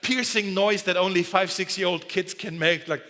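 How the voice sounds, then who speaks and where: A man's voice: sits high, steady tone, normal speed, sharp tone. A man preaching a sermon in a casual, joking way, often correcting himself mid-sentence. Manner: conversational and joking, with self-corrections. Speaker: pastor. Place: large church hall. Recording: long hall reverb.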